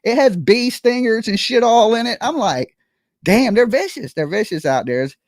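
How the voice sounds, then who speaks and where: Streamer spinning a comic tale, lively up-and-down delivery, dry close sound, keeps asking "right?". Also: medium pitch, moderate pace, dry recording. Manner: animated, acts out scenes with buzzing sounds and quoted voices; rambling, keeps checking in with "right?" and "okay?". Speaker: live streamer. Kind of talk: comedic storytelling to a live audience.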